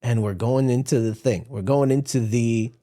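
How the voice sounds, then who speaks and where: A man co-hosting a podcast, telling a story in a casual chat and acting out what other people said. He talks in quick bursts, full of restarts and "like.". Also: medium pitch, warm tone. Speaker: podcast co-host.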